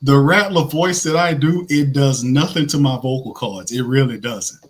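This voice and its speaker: A man with a naturally raspy voice hosting casual live fan commentary, animated, blunt and slangy, laughing often. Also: mid-range voice, normal speed. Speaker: host.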